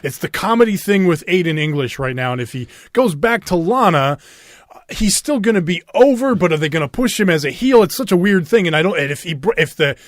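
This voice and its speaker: A man's voice: high voice, expressive, a little fast, no echo, clean studio sound. A man co-hosting a wrestling podcast in casual chat, laughing often and rambling. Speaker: podcast co-host.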